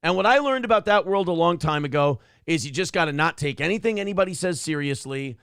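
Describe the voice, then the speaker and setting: Man, talk show host, gravelly voice, fairly high pitch, dry close sound, blunt and ranting. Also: animated, fast talker, a bit bright, no echo. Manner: blunt, ranting, mocks others with put-on voices. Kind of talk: casual profane commentary.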